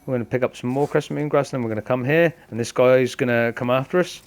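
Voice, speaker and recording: A man's voice: medium pitch, quick pace, a little hiss or hum. A man commenting casually on a game, explaining each step to viewers in a chatty way. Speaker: gaming host. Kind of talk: casual let's-play commentary.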